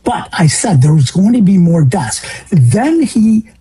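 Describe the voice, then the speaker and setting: Husky, indignant man from Illinois. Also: sits high, very animated, measured pace, warm tone, low-quality recording. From Illinois, USA. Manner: indignant, emphatic, voice jumping upward. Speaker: guest, grieving father. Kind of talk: talk radio interview.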